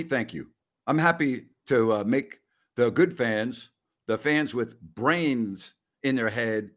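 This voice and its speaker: A man's voice: mid-range voice, fairly bright tone. A middle-aged man hosting a basketball post-game live stream, launching into a fiery, mocking rant at a troll. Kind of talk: live-stream sports talk with rants.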